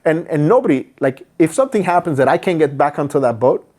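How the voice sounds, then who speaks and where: Speaking fast in a slightly high voice, a man who creates boating content is a lively guest in a podcast studio. He gets excited as he tells stories in this casual interview, restarting frequently and performing the quotes in other people's voices.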